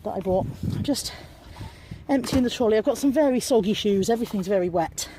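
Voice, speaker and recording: British woman vlogging outside, a bit high, out of breath and snuffly, wry self-mocking chat, noisy background. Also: fairly quick. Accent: British English. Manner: chatty, self-deprecating and wry. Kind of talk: casual vlog narration. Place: outdoors at a car boot sale in a car park. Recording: noisy outdoor recording.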